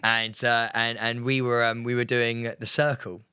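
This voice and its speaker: Brief: podcast co-host, teasing banter, mid pitch. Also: male voice, normal speed, smooth, no echo, clean studio sound. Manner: excitable, sweary banter, teasing interjections. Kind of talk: casual chat.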